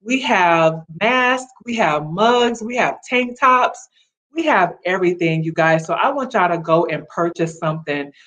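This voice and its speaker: A woman's voice: on the low side, expressive, measured pace, fairly bright tone, highs cut off. A woman hosting a motivational livestream, encouraging viewers directly with a preachy, upbeat manner. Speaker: livestream host. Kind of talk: casual motivational livestream talk.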